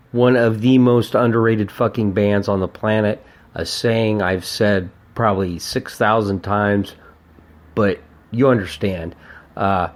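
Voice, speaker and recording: A man hosting his own podcast, reviewing an old album in a casual, rambling way, swearing often and getting excited about the music. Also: on the low side. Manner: profane, rambling and enthusiastic. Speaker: podcast host.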